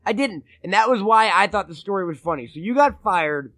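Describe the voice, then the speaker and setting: A man's voice: sits high, animated, a little fast, a bit bright. A man co-hosting a podcast in casual, profane chat, rambling through stories and acting out what others said. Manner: rambling, profane storytelling with acted-out quotes. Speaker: podcast co-host.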